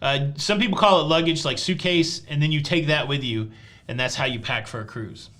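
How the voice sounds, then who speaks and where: Live-stream host: man, Tennessee drawl, fairly high and bright voice, teasing deadpan jokes. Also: a little fast. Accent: Southern US, Tennessee. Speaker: host of a live cruise show. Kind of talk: casual live-stream chat answering viewer questions.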